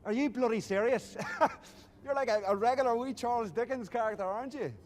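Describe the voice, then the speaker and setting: A man's voice: very high voice, brisk. An actor with an Irish accent playing a ruthless, scornful male bank robber in a crime drama. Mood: mocking. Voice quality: scornful, crude. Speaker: villain in a TV drama clip.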